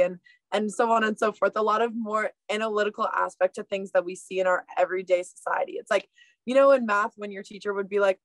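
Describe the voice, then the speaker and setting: A woman's voice: medium pitch, fairly even intonation, quick pace, no echo, low-quality recording. A young woman student ambassador on a video call from a boat, talking casually and chattily with many "like"s and "let's say"s. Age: young adult.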